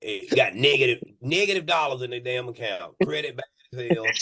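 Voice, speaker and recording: A man who owns a moving company, telling stories on a casual podcast, animated and profane, laughing and restarting his sentences. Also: medium pitch, fairly quick. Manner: many restarts and repeated words.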